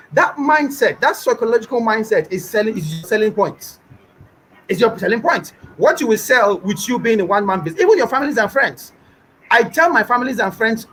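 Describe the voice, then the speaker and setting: Animated Nigerian man, higher voice. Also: slight background noise, poor audio. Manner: emphatic, repeats points, mimics callers. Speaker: business owner guest. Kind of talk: animated interview talk.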